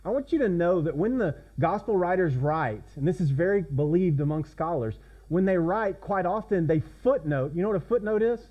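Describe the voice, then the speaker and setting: A man's voice: high voice, lively intonation, moderate pace, hardly any pauses, dull audio. A man preaching a sermon as pastor, in a conversational way that keeps asking the congregation questions.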